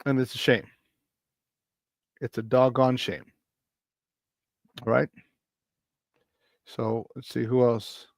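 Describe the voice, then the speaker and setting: A man hosting a casual sports talk show, excitable and repeating phrases for emphasis, reading off stat lines in quick lists. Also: medium pitch, no room sound. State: doing burpees while talking.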